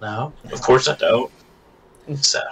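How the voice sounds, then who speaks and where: Man, podcast co-host, dry wry delivery, mid pitch, slightly distant mic. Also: takes it slowly, crowd noise. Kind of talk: casual chat.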